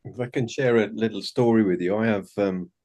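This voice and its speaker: Fifties man, video call from home, warm rambling storyteller, frequent restarts. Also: fairly low pitch, fairly even intonation, a little fast. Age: 50s. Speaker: participant sharing a story. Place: home bedroom.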